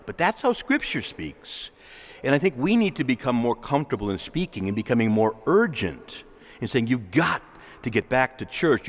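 A man, a priest, preaching an urgent, emphatic sermon full of rhetorical questions, and he calls himself a loudmouth. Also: a little high, in a large hall. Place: church.

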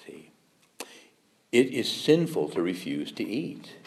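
A man giving a Catholic parish talk, animated and humorous, firing rhetorical questions at the audience and acting out the objections people raise. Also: fairly low pitch, slow pace. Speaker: Catholic speaker.

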